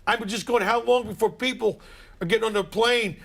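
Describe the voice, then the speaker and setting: Wisecracking middle-aged man, gravelly and high. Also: steady tone, brisk, a bit bright. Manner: wisecracking, exasperated comic rants. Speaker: comedian guest. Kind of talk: stand-up style routine on a morning show.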